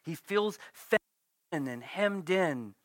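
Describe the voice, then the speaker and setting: A man preaching a sermon, swinging from hushed whispers to loud acted-out bursts. His voice sits a little high and rings bright and forceful. The sound is dry and close, with no room around it. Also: slow pace, no echo. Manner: animated, acts out quotes with sudden loud bursts and soft whispers. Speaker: pastor.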